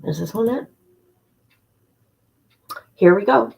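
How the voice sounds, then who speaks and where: A woman hosting a casual livestream in a voice of middling pitch. She greets her viewers by name, then reads a court filing aloud and breaks off with chatty asides. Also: expressive, slow pace, creaky, darkish tone, poor audio. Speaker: livestream host. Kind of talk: casual livestream chat and document reading.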